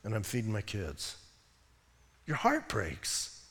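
An American man preaching a sermon as a pastor, expressive, moving between hushed moments and loud, emphatic stretches. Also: on the low side, slow pace, vocal fry, slightly rough, long reverb tail. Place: church sanctuary.

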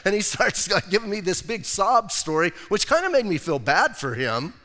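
A man's voice: sits high, big pitch swings, moderate pace, hardly any pauses, pushed and bright. A middle-aged man, a pastor preaching a casual sermon, telling personal stories and reading scripture aloud. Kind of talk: conversational sermon. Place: church sanctuary. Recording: long hall reverb.

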